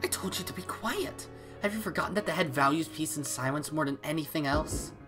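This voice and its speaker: A man voicing a stern, cold woman who scolds in a hushed voice. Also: fairly high pitch, wildly swooping pitch, a little fast, music in the background, voice pushed up.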